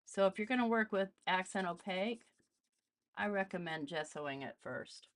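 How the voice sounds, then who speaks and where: A woman's voice: mid-range voice, animated, moderate pace, no echo. A woman hosting a casual live art demonstration, chatting as she tests supplies and greets viewers. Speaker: art channel host.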